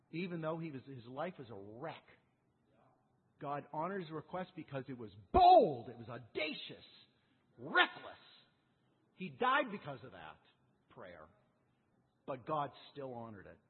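High-voiced preacher on a tinny, echoing line. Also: male voice, slightly rough. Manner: rhetorical questions, acting out quotes. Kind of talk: sermon. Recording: phone-like sound with long reverb.

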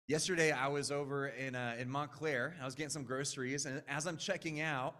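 A man's voice: mid-range voice, steady tone, a little fast, hardly any pauses, sharp tone. A man preaching a conversational, earnest sermon as a pastor, with frequent restarts.

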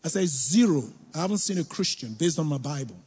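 A man's voice: a little high, animated, fast, a little mellow, breathy edge. A middle-aged man telling his personal testimony to a congregation, earnest and reflective, repeating words for emphasis. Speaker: church member giving testimony.

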